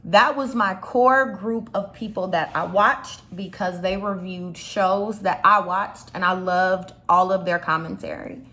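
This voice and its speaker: A young woman with a slight Chicago accent chats through a casual commentary vlog. Her voice is bright and forward, sitting at an average pitch, and she rambles with plenty of fillers and side remarks. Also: steady tone, unhurried, hardly any pauses. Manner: chatty, rambling, lots of fillers and asides. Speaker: YouTube commentator.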